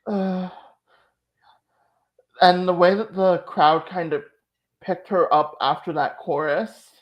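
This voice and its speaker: A woman's voice: lowish voice, slow pace, muffled recording. A woman hosting a channel, chatting casually and emotionally, full of "like" fillers. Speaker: channel host. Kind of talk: casual chat recap.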